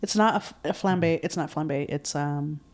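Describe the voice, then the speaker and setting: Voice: medium pitch, normal speed. A podcast co-host chatting casually, gushing about food. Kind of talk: casual chat.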